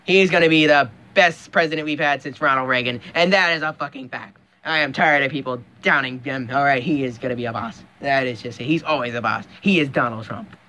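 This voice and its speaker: A man's voice: medium pitch, fairly quick, hardly any pauses, pushed and bright. A young man ranting profanely and emphatically in a casual vlog, often stopping to restart a thought. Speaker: vlogger.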